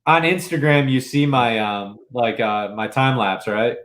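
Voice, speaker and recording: A man's voice: mid-range voice, a little slow, a bit bright. A man in casual podcast chat, explaining with enthusiasm, many restarts, and frequent use of "dude". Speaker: podcast co-host.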